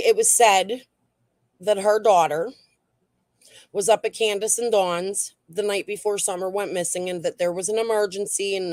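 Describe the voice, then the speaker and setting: A woman's voice: mid-range voice, no room sound. A woman hosting a casual true crime livestream and reading the chat, talking in a blunt, heated way that is full of swearing.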